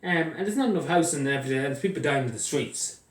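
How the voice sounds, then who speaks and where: A man's voice: fairly high pitch, expressive, racing. Furious Irish man ranting in an echoey room. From Ireland. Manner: heated, swearing, repeating himself. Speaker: vlogger. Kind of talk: angry political rant. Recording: echoey room, mic at a distance.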